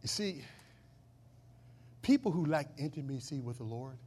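A male pastor preaching a sermon, swinging from loud declarations to hushed asides and asking the congregation questions. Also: medium pitch, lively intonation, moderate pace, long pauses, slight background noise. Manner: asks the congregation call-and-response questions.

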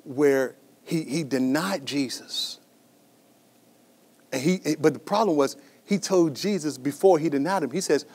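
A man preaching a sermon as pastor, passionate and dynamic, swinging from shouts to hushed whispers and calling out to the congregation. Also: medium pitch. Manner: calls out to the congregation.

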